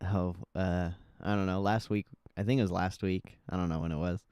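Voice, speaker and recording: A man's voice: sits low, fairly even intonation, a little fast, darkish tone, smooth, dry recording, clean studio sound. A man hosting a casual livestream, joking loosely and laughing often, saying his voice feels off. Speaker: livestream host.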